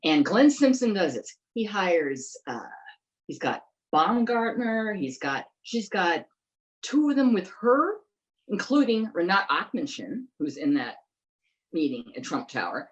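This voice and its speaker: With a lowish, unhurried voice, a female investigative journalist talks emphatically and animatedly through a conversational interview, throwing in rhetorical questions along the way. The audio sounds dull.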